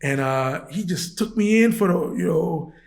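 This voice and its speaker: Podcast guest: animated man from Chicago, high gravelly voice, slangy storytelling, roomy echo. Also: moderate pace. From Chicago, USA. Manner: animated, slangy, laughs often. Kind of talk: casual storytelling.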